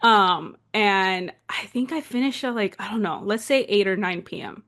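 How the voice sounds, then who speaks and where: A woman in her twenties from Southern California tells a story on her podcast. She talks in a chatty, animated way and leans on "like" a lot. Her voice sits at an ordinary middle pitch. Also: normal speed. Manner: animated, chatty, heavy use of "like" fillers. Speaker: podcast co-host. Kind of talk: casual storytelling chat.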